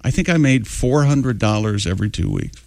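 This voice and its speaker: A man hosting a radio talk show, rambling through stories with lots of halting fillers. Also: lowish voice, expressive, vocal fry, darkish tone, dry recording. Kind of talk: casual morning show banter.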